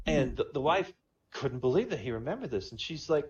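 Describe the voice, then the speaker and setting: A man doing chatty stand-up, telling jokes in an animated storytelling way over a dull online voice chat. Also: mid-range voice, fast. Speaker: stand-up comedian.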